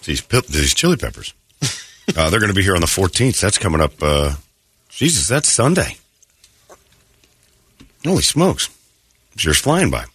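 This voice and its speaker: A man's voice: low-pitched, big pitch swings, moderate pace, pauses often, a bit bright, husky. A man hosting a morning radio show, telling rambling stories in casual chat and laughing as he goes, his throat thick from allergies. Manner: rambling storyteller, laughs mid-story. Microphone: studio mic.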